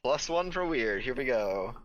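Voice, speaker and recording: A woman's voice: extremely low pitch, animated, measured pace, highs cut off, noisy background. A woman player in a tabletop game, wry, reading out rules and asking questions. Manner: wry, reads rules aloud. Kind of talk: casual tabletop game play.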